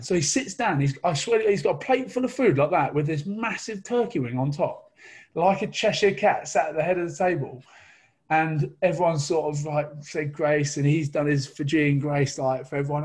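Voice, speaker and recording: Husky man telling a funny story. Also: a little high, normal speed, darkish tone. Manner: laughing, rambling storyteller. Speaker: guest storyteller. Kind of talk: casual comic anecdote.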